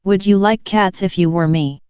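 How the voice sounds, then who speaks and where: Woman reading an offended little mouse guy, super clear voice, dry flat sound. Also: medium pitch, moderate pace, dry recording, natural voice. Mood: indignant. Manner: indignant, offended. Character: touchy small male mouse, shrill and harsh. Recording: dull lo-fi dry recording.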